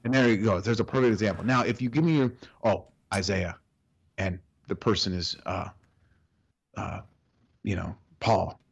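A man's voice: fairly low pitch, moderate pace, vocal fry, slightly rough, muffled recording. A man co-hosting a casual podcast conversation about the Bible, telling anecdotes and acting out what other people said. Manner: tells anecdotes and acts out other people in quotes. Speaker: co-host.

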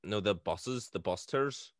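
A man hosting a podcast in casual chat, relaxed and conversational, laughing easily. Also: lowish voice, a little slow, dry recording, clean studio sound. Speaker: podcast host.

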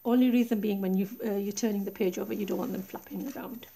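A woman speaks fast in a mid-range voice, walking through a handmade craft project in a relaxed, chatty show-and-tell. She points out details step by step, recorded by a tablet positioned high above her desk.

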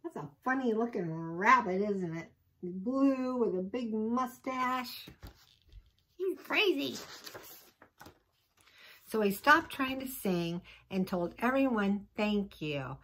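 A woman's voice: fairly high pitch, lively intonation, slow, a bit bright, poor audio. A woman, a teacher, reading a picture book aloud to children and chatting with them about the pictures. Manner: chatty asides to young listeners.

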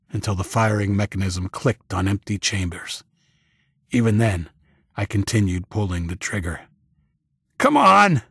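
A man narrating an audiobook in the first person with measured, scripted storytelling on a close studio mic. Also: lowish voice, breathy edge, no room sound.

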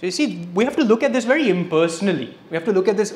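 A man giving a public spiritual lecture, telling stories with a lively delivery and dropping in Hindi phrases. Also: high-pitched, very fast. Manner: lively storyteller, switching between English and Hindi phrases. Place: lecture hall, indoors. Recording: echoey hall with faint noise.

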